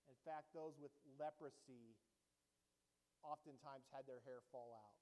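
A man preaching a sermon as pastor, animated and joking with the congregation, acting out mocking voices. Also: medium pitch, a little slow, big-room sound. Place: church sanctuary.

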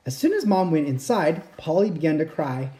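A woman reads a children's picture book aloud at bedtime in a low, mellow voice. She takes her time, letting her pitch rise and fall widely. She acts out the sound effects along the way. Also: very animated, normal speed. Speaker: storyteller. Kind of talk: bedtime story read-aloud.

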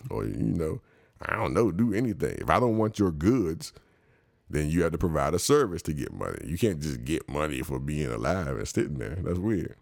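Man, casual comic storyteller, slangy, rambling, frequent laughs, gravelly low voice, dry close sound. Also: very animated, brisk, darkish tone, no room sound.

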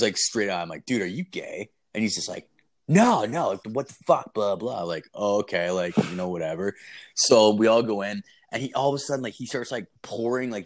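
A young man casually telling a story, swearing constantly and acting out what everyone said. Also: fairly low pitch. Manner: swears constantly, animated retelling with quoted voices.

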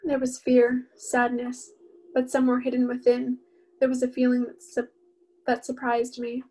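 A woman reading her own novel aloud in the first person, steady and even-toned. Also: sits high, moderate pace.

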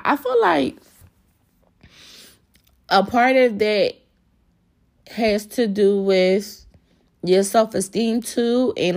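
A woman's voice: medium pitch, a little mellow. A young woman hosting a podcast, speaking candidly and profanely to her listeners and getting worked up. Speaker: podcast host. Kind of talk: casual monologue.

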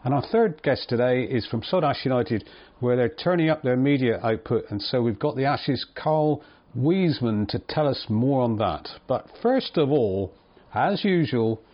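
A man hosting a podcast in casual chat, leading the show through its running order in a steady, orderly way. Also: medium pitch, a little slow. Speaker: podcast host. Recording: slightly dull lo-fi sound.

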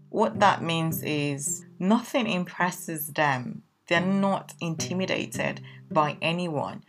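Nigerian woman hosting a solo podcast, low voice, frank and chatty, guitar music behind. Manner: frank, chatty, lots of ums. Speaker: podcast host. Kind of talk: casual personal monologue.

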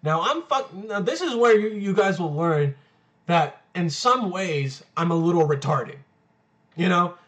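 A young man with a slightly higher-than-usual voice rambles through a casual story. He talks crudely, swears constantly and leans on filler words. He sounds like a college student talking straight to his viewers. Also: animated, measured pace, fairly bright tone. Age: young adult.

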